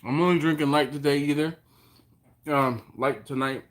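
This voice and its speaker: A man's voice: a little high, fairly even intonation, normal speed. Laid-back man chatting on a live stream. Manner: laid-back, chuckles often, greets viewers by name. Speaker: host of a barbecue live stream. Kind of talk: casual live-stream chat reading viewer comments. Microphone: phone on a mount.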